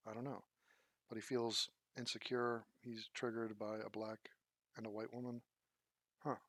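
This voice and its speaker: A man's voice: fairly low pitch, level tone, moderate pace, fairly bright tone, no room sound. A man giving casual commentary as he reacts to a documentary clip, questioning and incredulous.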